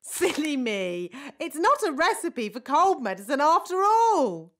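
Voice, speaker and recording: A woman voicing a bossy, cheerful fairy nanny in a cartoon, talking in a brisk, fussy and self-assured way. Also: sits high, very animated, a bit bright, exaggerated voice. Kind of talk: cartoon voice acting.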